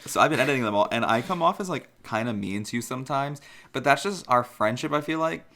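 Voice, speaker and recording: A man's voice: mid-range voice, expressive, fast, pushed and bright. A man in his twenties co-hosting a casual podcast, chatty and rambling. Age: 20s. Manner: chatty, rambling, self-conscious. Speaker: podcast co-host. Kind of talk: casual chat.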